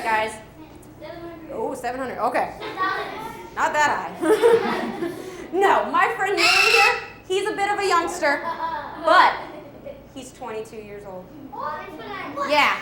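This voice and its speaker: A woman's voice: high voice, roomy sound. A woman wildlife educator giving an upbeat live animal presentation to children, asking them questions and laughing often.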